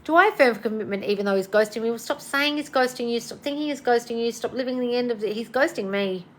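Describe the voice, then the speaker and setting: A woman's voice: on the high side, quick pace, slight background noise. Tired, blunt woman coach calling everyone darling. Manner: casual, blunt, calls listeners darling. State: tired and yawning. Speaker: manifestation coach. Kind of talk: livestream Q&A.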